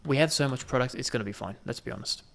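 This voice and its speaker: Gaming host, male, gravelly middle voice, talks to himself while playing. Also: medium pitch, racing, a bit bright, slight background noise. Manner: thinking aloud, muttering counts to himself. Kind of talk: gameplay commentary.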